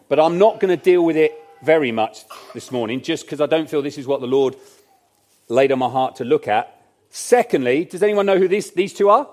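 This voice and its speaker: A man's voice: a little high, a little mellow. A man preaching a sermon in a church, conversational and emphatic, with jokey asides to the congregation.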